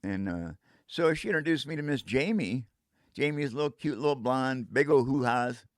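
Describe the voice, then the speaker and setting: Older man, storyteller, rambling, sound effects, average pitch, dry recording. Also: animated, moderate pace, no room sound. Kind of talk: casual first-person storytelling.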